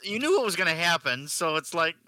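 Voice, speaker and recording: Very bright-voiced easygoing man. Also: on the high side, very animated, fairly quick. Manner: agreeable, repeats short assents, hesitant restarts. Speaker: podcast co-host. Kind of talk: casual chat.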